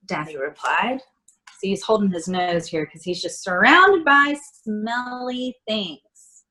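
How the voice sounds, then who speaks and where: A woman reading a picture book aloud to children, chatty and animated, often laughing. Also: mid-range voice, slow pace, poor audio. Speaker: storybook reader.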